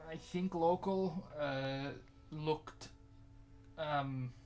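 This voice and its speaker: A man running a tabletop game as dungeon master, narrating in a loose, halting way. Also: on the high side, a little mellow.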